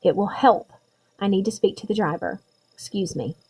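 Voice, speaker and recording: A woman voicing a tired adult man, a teacher with a hoarse, calm and firm way of talking. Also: mid-range voice, moderate pace, natural voice, low-quality recording.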